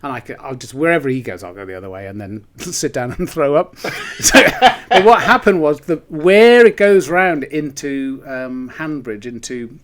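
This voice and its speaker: A man's voice: mid-range voice, expressive, normal speed, fairly bright tone. A man, co-hosting a podcast and telling a rambling, self-deprecating story with laughs mixed in. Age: 60s. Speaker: podcast co-host. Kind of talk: casual chat.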